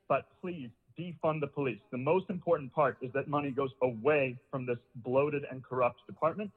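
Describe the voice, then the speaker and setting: A man's voice: mid-range voice, moderate pace, hardly any pauses. An out-of-breath man calling in with a public comment, insistent and frustrated. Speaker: public caller. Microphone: phone. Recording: phone line with long reverb.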